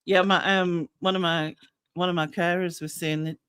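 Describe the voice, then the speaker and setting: A woman's voice: on the low side, level tone, moderate pace, a bit bright, clear, resonant tone, dry recording. Casual, slangy woman on a dry video call. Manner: chatty, laughs, uses casual British slang. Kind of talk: casual group chat on a livestream.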